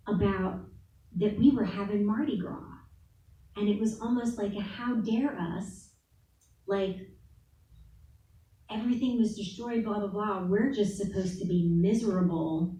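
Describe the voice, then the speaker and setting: A woman's voice: medium pitch, dark tone. A woman giving a candid, casual talk at a spiritual center, laughing often and saying "like" a lot. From New Orleans. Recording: echoey room, voice from far off.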